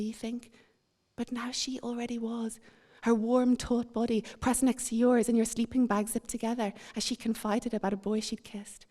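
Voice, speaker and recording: Woman reading literary fiction evenly. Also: fairly high pitch. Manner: measured, even, introspective. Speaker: author reading.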